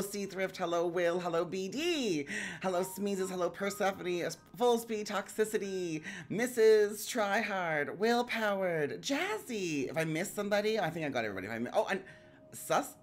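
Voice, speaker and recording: A woman hosting a live stream, excitable and bubbly, rambling casually and giggling often. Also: lowish voice. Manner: rambling, lots of "like" fillers. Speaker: streamer hosting a round table.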